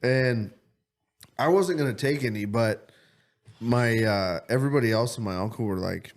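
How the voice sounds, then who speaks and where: A young man co-hosting a podcast, telling stories in a loose, animated way and swearing a lot. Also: medium pitch, normal speed. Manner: animated storytelling, heavy swearing. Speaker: podcast co-host. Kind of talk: casual chat.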